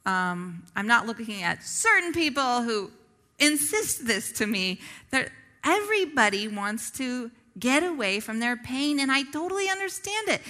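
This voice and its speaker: A woman's voice: fairly high pitch, sing-song, unhurried, sharp tone, in a large hall. A woman giving a conversational Bible teaching. She asks the audience rhetorical questions and often checks in with "right?". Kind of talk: conversational sermon.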